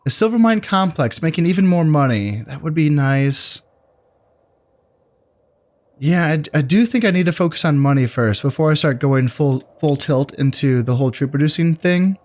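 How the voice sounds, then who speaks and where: A man casually commentating his strategy game, thinking aloud in a relaxed, musing way with fillers. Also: on the high side, moderate pace. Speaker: gameplay commentator. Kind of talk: casual let's-play commentary.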